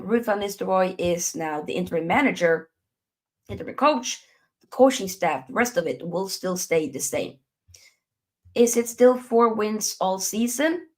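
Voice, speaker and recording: A woman hosting a live football chat stream, reading viewer comments and reacting in a chatty, animated way. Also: medium pitch. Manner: animated, chatty, with playful put-on voices.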